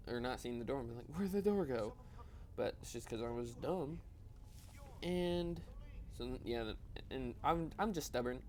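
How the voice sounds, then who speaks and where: A man's voice: medium pitch, darkish tone. Young man, tired and yawning, rambling gameplay commentary, self-deprecating, faint hum behind. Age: young adult. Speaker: gaming video host. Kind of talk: casual gameplay commentary voice-over.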